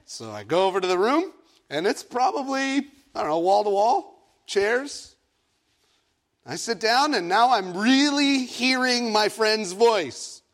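A man from Egypt preaching a sermon, telling a story in an animated, playful way with self-mocking asides. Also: high-pitched, moderate pace. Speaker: pastor.

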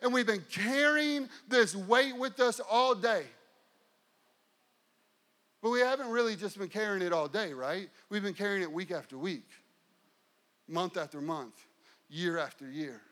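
Bright-voiced preaching man. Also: sits high, measured pace, long pauses. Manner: preaching with rising and falling intensity, repetitive emphasis. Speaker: pastor. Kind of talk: sermon.

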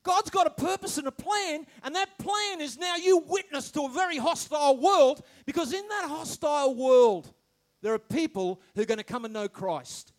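A man preaching a sermon, animated, shouting some phrases and dropping to quiet asides, stammering when excited. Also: very high-pitched, moderate pace. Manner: animated, swings between loud shouts and quiet asides, laughs often.

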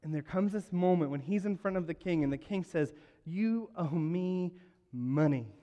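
A man preaching a sermon, telling a story and acting out its lines, moving between hushed and loud. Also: high-pitched, fast talker, lo-fi sound. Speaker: pastor. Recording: long hall reverb.

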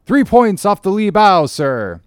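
A man voicing an excited male sailor lookout calling down from the masthead. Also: sits high, a little slow, clean tone, dry recording, clean studio sound, voice pushed up. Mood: hollering excitedly. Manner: hollering, excited.

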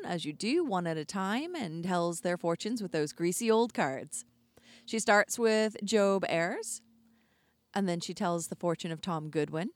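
Woman co-host, relaxed chatty storytelling, medium pitch, dry close sound. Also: no room sound. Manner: relaxed, chatty, lightly profane. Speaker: podcast co-host. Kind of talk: casual storytelling.

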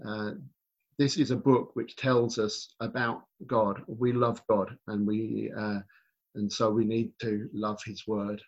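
A man's voice: fairly low pitch, flat delivery, slow, a little mellow, slightly rough, lo-fi sound. A man giving a sermon, telling a story in a hesitant way with many fillers and restarts. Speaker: preacher.

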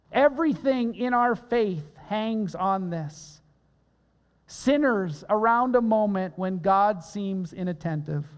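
A pastor preaching a sermon in an earnest, emphatic way, repeating key phrases for weight. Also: male voice, high voice. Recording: long reverb of a large hall.

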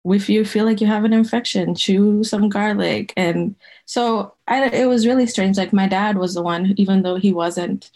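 A woman's voice: medium pitch, fairly even intonation, moderate pace, few pauses, darkish tone. A woman in her thirties from Zimbabwe, telling personal stories casually and rambling with many fillers. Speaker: guest herbalist. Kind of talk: casual storytelling.

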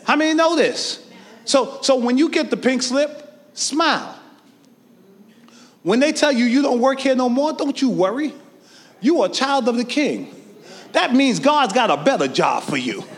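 A high-voiced preacher whose pitch leaps all over as he calls on the congregation to answer him. His delivery is slow and drawn out, shouting one line and dropping almost to a murmur the next. The sound rings with the long echo of a big hall. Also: big pitch swings. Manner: call-and-response preaching, swinging from shouts to near-whispers. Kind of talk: sermon. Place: church sanctuary. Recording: long reverb of a large hall.

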